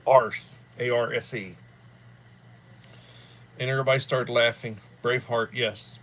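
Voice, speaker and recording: A man's voice: medium pitch, fairly even intonation, moderate pace, sharp tone. A man hosting a livestream in casual chat, rambling in a folksy way and repeating himself. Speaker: livestream host.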